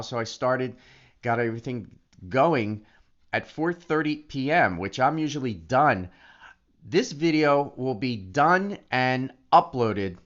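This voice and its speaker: A man talking casually in a vlog, excitable and animated, often restarting his sentences. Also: medium pitch. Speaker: affiliate marketer. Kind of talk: casual vlog talk to camera. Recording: dull lo-fi recording.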